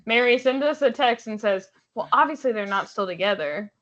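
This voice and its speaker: Woman cohost, quick reactions, bouncy lively voice, muffled lo-fi sound. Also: fairly high pitch. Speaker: podcast co-host. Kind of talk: casual chat. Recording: slightly dull lo-fi mic.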